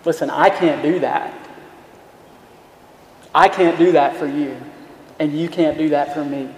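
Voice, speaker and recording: A man's voice: a little high, steady tone, unhurried, a little mellow. A man preaching a sermon in an earnest voice, asking rhetorical questions and repeating his words. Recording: echoey hall, faint room noise.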